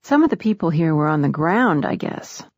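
A woman reading the lines of a man calling his wife from beyond death, calm, matter-of-fact and tender. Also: sits low, moderate pace, no echo, clean studio sound, full character voice. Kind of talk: audiobook character voice.

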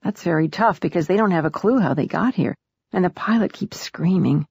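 A woman reading the lines of a man calling his wife from beyond death, calm, matter-of-fact and tender. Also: fairly low pitch, fairly quick, gravelly, breathy edge, no echo, full character voice. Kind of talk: audiobook character voice.

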